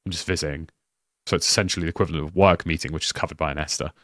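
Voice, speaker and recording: A man's voice: a bass voice, fairly even intonation, very fast, a bit bright, dry recording, clean studio sound. A young British man chatting casually on a live stream, rambling with lots of "like" and restarts. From United Kingdom.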